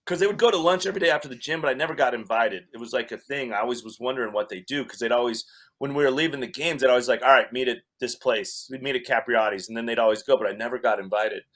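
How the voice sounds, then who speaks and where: A man's voice: mid-range voice, fast, fairly bright tone. A man from Wyoming, a comedian guest, casually telling a story with restarts and laughter. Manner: rambling, self-interrupting, laughs through the story.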